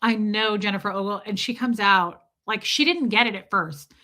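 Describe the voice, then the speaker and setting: A woman's voice: medium pitch, moderate pace, sharp tone. A young woman hosting a casual livestream, telling a rambling, joking story and swearing freely. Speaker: livestream host. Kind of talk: casual streaming chat.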